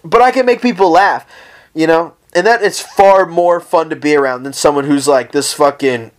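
Dude ranting and swearing nonstop on his podcast, kinda high voice. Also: normal speed. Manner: profane, rambling, comic ranting. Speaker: podcast host. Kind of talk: casual solo podcast rant. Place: at home, lying down.

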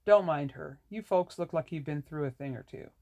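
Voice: mid-range voice, moderate pace, a little mellow, close to an everyday voice. A reader voicing a kind, easygoing man who runs an inn with his wife. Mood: kindly. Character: kindly innkeeper husband.

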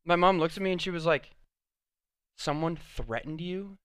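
A man's voice: on the high side, moderate pace, clear, resonant tone, no room sound. A young man co-hosting a podcast, telling stories in casual chat and acting out the people he quotes. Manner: animated storyteller, acts out quotes. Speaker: podcast co-host.

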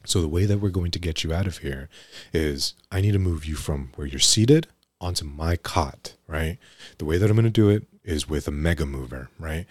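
A young man with a strikingly deep, low voice tells work stories on a podcast in a loose, rambling way. He keeps restarting his sentences and tacks "right?" onto them. The sound is dry and close, with no room echo. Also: normal speed. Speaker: guest EMT telling stories. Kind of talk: casual podcast storytelling.

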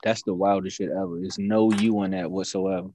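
A man's voice: low-pitched, level tone, a little fast, warm tone, a little hiss or hum. A man, chatting casually and telling stories, acting out what other people said. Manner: storytelling, acts out quotes. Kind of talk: casual chat.

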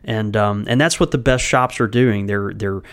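A man's voice: lowish voice, normal speed, clean tone. A man co-hosting a podcast in casual chat, rambling and full of filler words. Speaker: podcast co-host.

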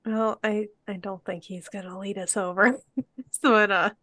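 A woman taking part in a tabletop game, her voice medium in pitch and gentle, with easy laughter. The sound is dry and close. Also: fairly even intonation, moderate pace, no echo. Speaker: player. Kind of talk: casual tabletop role-play.

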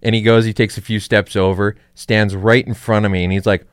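A low, smooth-voiced man tells a work story in a dry, deadpan way, swearing freely. The sound is clean, close and dry. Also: a little fast, dry recording. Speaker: podcast guest, comedian. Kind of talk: casual storytelling chat.

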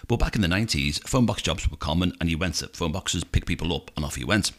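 A man's voice: sits low, fast talker. A middle-aged man with a Scouse accent, a podcast host and taxi driver telling stories in casual chat, acting out voices as he goes. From Liverpool, England. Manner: animated storyteller who acts out voices.

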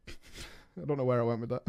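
A man streaming, reading a story aloud and breaking off with quick, joking reactions. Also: medium pitch, gravelly, clean tone. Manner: animated, swears and laughs often, reads in quick asides.

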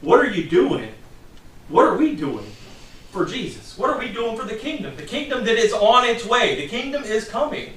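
A man's voice: very high-pitched, big pitch swings, normal speed, a bit bright, slight background noise. A middle-aged man preaching a sermon in a conversational, storytelling way, from a distant mic in a church hall.

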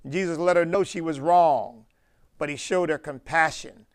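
A man from the United States preaching a sermon as pastor, driving his points home with slow, emphatic stresses on key words. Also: on the high side, clear, resonant tone.

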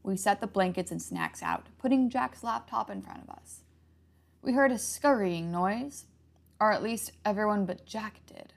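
A woman narrating a first-person horror story in an even, hushed reading manner. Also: medium pitch, normal speed, creaky.

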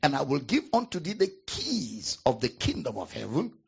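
A man preaching a sermon as pastor, with dramatic pauses and emphatic repetition. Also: mid-range voice, big pitch swings, vocal fry, breathy edge, dull audio.

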